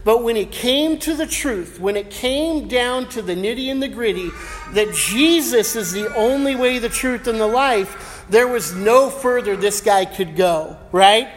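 Middle-aged pastor in a reverberant sanctuary. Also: male voice, very high-pitched, expressive, measured pace, soft background music. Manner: casual, storytelling, slangy asides. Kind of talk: sermon with prayer and personal anecdote. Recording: long hall reverb.

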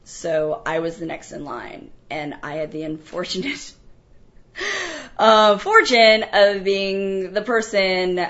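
A woman in casual conversation, telling an animated, profane story and laughing often. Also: fairly low pitch, slow, dull audio. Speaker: guest.

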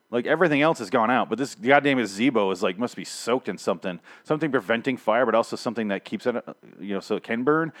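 A man's voice: mid-range voice, expressive, quick pace, few pauses. A man hosting a casual TV review podcast, rambling and swearing freely, often stammering and restarting his sentences.

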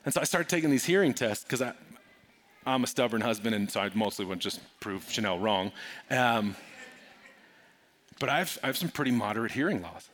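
A middle-aged man preaching a sermon, moving from soft, confiding talk to loud, urgent preaching. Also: medium pitch, expressive, fairly quick, pauses often. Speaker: pastor.

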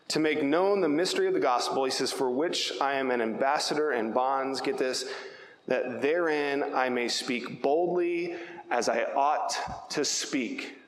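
Young guy preaching, emphatic and chatty, lots of "right?", big echoey church with a long reverb tail. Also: medium pitch. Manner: emphatic, conversational, keeps asking "right?". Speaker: pastor. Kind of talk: sermon.

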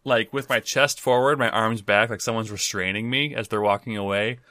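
Bright-voiced goofy male player. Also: fairly low pitch, steady tone, normal speed, no room sound, clean studio sound. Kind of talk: tabletop role-play.

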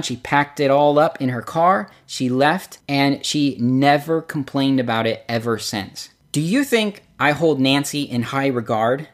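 Guy preaching a sermon, tells stories, voices the quotes as he goes. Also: mid-range voice. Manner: storytelling, acts out quotes with lively shifts. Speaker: pastor.

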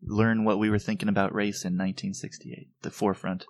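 A man's voice: lowish voice, little pitch movement, a little fast, no room sound. A man co-hosting a podcast in casual chat, laughing often and chiming in with short remarks. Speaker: podcast co-host.

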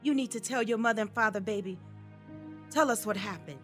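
A woman's voice: medium pitch, brisk, a bit bright, faint music behind, natural voice. An actress playing a worried sharecropper's wife and mother in an audio drama. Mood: soothing. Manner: pleading, anxious.

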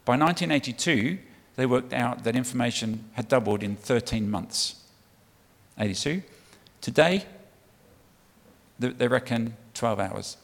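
A British man preaches a sermon in church, conversational and punchy, coaxing the congregation to answer back. His mid-range voice has lively intonation, vocal fry, and an unhurried pace, carried by the long reverb of a large hall.

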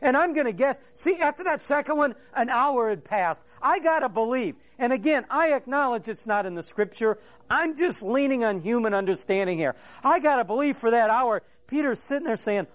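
A man's voice: very high voice, lively intonation, normal speed. A middle-aged man preaching a sermon, telling the story vividly and acting out the quotes and a crowing rooster. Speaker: pastor.

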